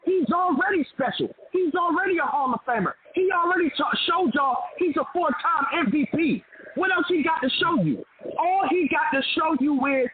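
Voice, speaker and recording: A man's voice: extremely high pitch, moderate pace. A man calling in to a sports talk show, fired up and emphatic, repeating lines for effect. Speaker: caller. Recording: phone line with crowd behind.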